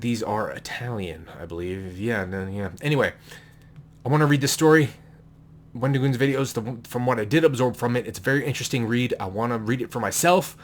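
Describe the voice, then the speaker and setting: A man's voice: mid-range voice, fairly quick. Man, casual rambling chat, self-correcting, offhand, a bit crude. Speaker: vlogger showing his book collection. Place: indoors at home with a noise in the room. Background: a distracting noise in the room.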